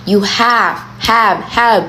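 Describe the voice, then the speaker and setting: A woman's voice: mid-range voice, very slow, bright, forceful tone, slight background noise. A woman giving direct, coaching advice in a casual talk.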